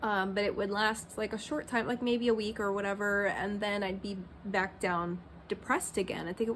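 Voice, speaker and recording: A woman's voice: mid-range voice, steady tone, normal speed, hardly any pauses, a bit bright, a little hiss or hum. A woman in her thirties talking candidly in a personal vlog, rambling with many fillers like "um" and "like". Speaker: Christian vlogger.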